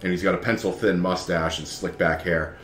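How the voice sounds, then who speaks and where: A man's voice: low voice, steady tone, fairly quick, a bit bright. A man narrating as game master, rambling with lots of fillers and chuckles. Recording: echoey room, faint background noise.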